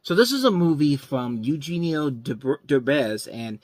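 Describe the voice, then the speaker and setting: A man's voice: medium pitch, animated, measured pace. A man hosting a casual movie review show, rambling and stumbling over names as he talks.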